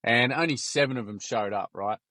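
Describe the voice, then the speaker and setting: A man's voice: mid-range voice, brisk, pushed and bright, no echo. Frank Australian man telling stories. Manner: frank, earnest, salty storyteller. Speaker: podcast guest, youth workshop founder. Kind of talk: casual storytelling.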